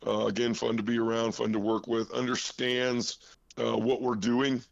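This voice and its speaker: A man's voice: medium pitch, flat delivery, moderate pace, gravelly, dull audio. A man who is a head basketball coach from Iowa, out of breath and rambling in a casual interview, full of fillers and self-deprecating humor.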